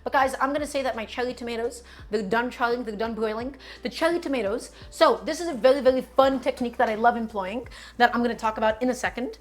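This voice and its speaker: Chatty, fairly high-voiced woman cooking. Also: fast. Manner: chatty and playful, often says "my friends". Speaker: cooking streamer. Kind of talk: casual cooking demonstration.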